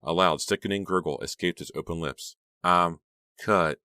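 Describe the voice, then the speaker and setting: A man's voice: deep voice, brisk, pushed and bright, clear, resonant tone, no echo, clean studio sound. A man narrating a horror novel as an audiobook, in a dramatic, suspenseful reading. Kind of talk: scripted narration.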